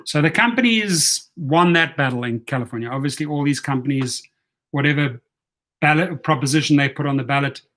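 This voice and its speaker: A man's voice: mid-range voice, a bit bright. A man telling a story in a casual vlog, blunt, profane and fired up. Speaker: rideshare vlogger.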